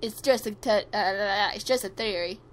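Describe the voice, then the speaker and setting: A woman voicing a polite, calm young Indian man from a fan-made game, with an Indian accent. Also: medium pitch, moderate pace, natural voice.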